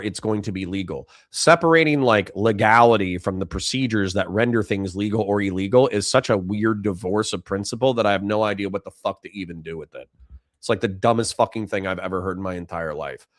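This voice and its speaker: A man's voice: fairly low pitch, dry recording, clean studio sound. Ranting, profane male livestreamer. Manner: profane, ranting, swings between yelling and muttered apologies. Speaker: livestream host reading super chats. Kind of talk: heated livestream commentary.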